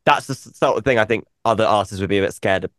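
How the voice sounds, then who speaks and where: A man's voice: fairly low pitch, fairly bright tone, dry recording, studio quality. A man, a presenter, chatting casually as a podcast guest about interviews he has done. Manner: joking, then thoughtful and quick. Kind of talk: casual chat.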